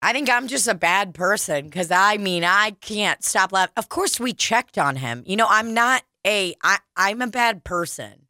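A young woman co-hosting a casual podcast chat, telling profane, animated stories between bursts of laughter. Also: medium pitch, moderate pace, no room sound, clean studio sound. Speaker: podcast co-host.

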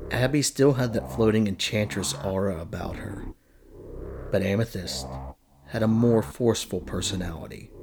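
A man narrating a dark fantasy story in a steady, descriptive reading. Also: on the low side, background noise.

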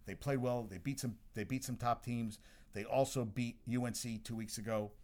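A man's voice: mid-range voice, fairly even intonation, normal speed, darkish tone. A man hosting casual sports talk, blunt and opinionated, swearing freely as he runs through the news.

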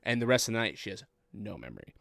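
A man's voice: fairly low pitch, sing-song, quick pace, gravelly, a bit bright, dry recording, clean studio sound. A young man in his twenties telling a long, rambling, profane story in casual chat and laughing at it.

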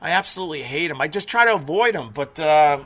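Brief: middle-aged male streamer, allergy-stuffy, blunt rambling rant, slightly high, bright tone. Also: lively intonation, quick pace. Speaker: live stream host. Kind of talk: casual live stream rant.

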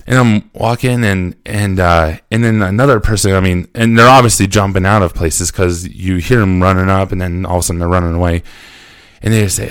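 A man recounting a personal story in a lively way, often acting out what people said to him. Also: deep voice, fairly quick, no echo, clean studio sound. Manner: animated storytelling, acting out quotes; frequent fillers and restarts. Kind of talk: personal anecdote.

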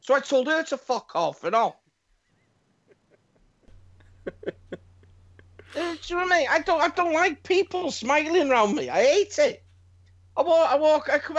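A middle-aged man, telling animated stories on a podcast and swearing constantly. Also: very high-pitched. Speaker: podcast co-host. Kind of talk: casual storytelling chat. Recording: slightly dull lo-fi sound.

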